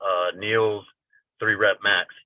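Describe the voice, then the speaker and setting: A man's voice: lowish voice, takes it slowly, dry recording. A man co-hosting a podcast over a call, chatting casually and teasing the host. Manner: teasing, excitable. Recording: tinny phone-line call audio.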